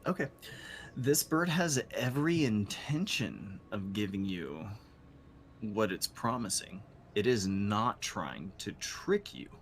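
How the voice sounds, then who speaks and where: A man narrating as game master of a tabletop game, animated and questioning. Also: lowish voice, slow, slight background noise.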